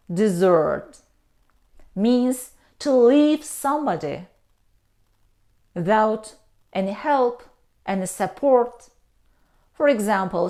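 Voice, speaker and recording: A woman teaching English pronunciation in a careful, deliberate way, repeating each word and explaining its meaning. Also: medium pitch, a little mellow. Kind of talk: slow pronunciation lesson.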